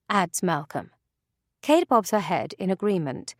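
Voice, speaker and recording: A woman narrating an audiobook in an expressive, measured way. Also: lowish voice, dry recording, studio quality.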